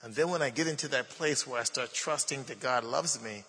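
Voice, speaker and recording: A man closing a Bible study with soft, reflective remarks. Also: medium pitch, brisk, slightly rough, big-room sound.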